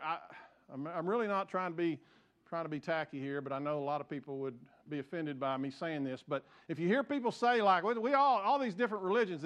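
High-voiced man preaching a sermon. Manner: emphatic preaching, repeats key phrases, asks the congregation to respond; frequent restarts and fillers, conversational asides. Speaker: pastor.

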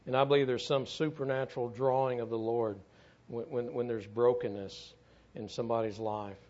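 A man's voice: mid-range voice, flat delivery, normal speed, a little mellow, highs cut off. A middle-aged man tells a story in a sermon, speaking earnestly and often repeating words as he goes. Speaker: church speaker, former firefighter.

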